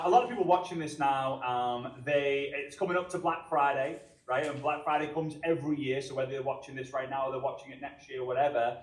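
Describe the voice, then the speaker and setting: Effusive man interviewer, slightly high. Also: reverberant, distant mic, poor audio. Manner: effusive, repetitive praise. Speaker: podcast host. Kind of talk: enthusiastic interview.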